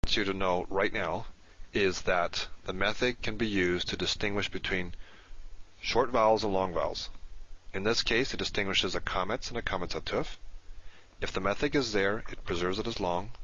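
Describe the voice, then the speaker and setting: Low-voiced man giving a patient lesson. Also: normal speed, fairly bright tone. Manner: patient, explanatory, repeats key terms. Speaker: Hebrew teacher. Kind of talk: recorded lecture. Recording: dull lo-fi recording.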